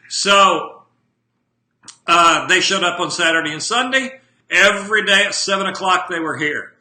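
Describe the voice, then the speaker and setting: A man's voice: on the high side, moderate pace, pushed and bright, echoey room. A man speaking as a motivational speaker in a live video monologue from his home office, talking bluntly and emphatically and putting direct questions to his viewers.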